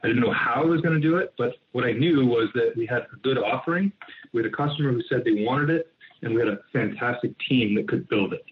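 A man, a guest entrepreneur, telling a story in an interview in an animated way, with many asides and restarts. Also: mid-range voice, fast talker. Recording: tinny phone-like line with faint noise.

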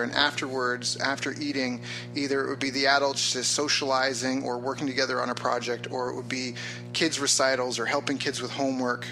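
A man being interviewed, with a bright and forceful tone, his talk casual and rambling. He fills it with "like" and "you know". Faint music plays behind him. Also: medium pitch, rough recording. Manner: rambling, enthusiastic, with many fillers. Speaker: entrepreneur guest.

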